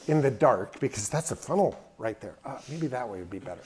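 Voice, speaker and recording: A man's voice: mid-range voice, big pitch swings, moderate pace, long pauses, darkish tone. A middle-aged man speaking at an event in a hangar, telling a folksy, emphatic story in a drawling manner. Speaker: guest speaker. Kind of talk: storytelling talk.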